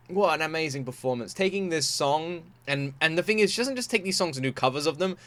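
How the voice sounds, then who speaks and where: A man's voice: high-pitched, big pitch swings, moderate pace, few pauses, sharp tone, no echo. A young British man hosting a reaction video, gushing and exclamatory, often breaking into laughter. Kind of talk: casual reaction commentary.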